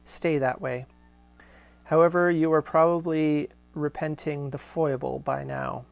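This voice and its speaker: Gravelly man reading old letters aloud. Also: on the high side, steady tone, faint music behind. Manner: measured reading with casual off-the-cuff asides. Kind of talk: live show, reading letters aloud with asides.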